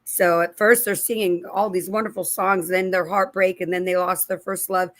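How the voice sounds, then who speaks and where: A woman's voice: lowish voice, level tone, moderate pace, fairly bright tone, no room sound. A middle-aged woman hosting her own channel, talking casually and in a rambling way about faith, often acting out the voices she quotes. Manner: rambling, with restarts and asides to viewers. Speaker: channel host. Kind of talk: casual religious commentary to camera.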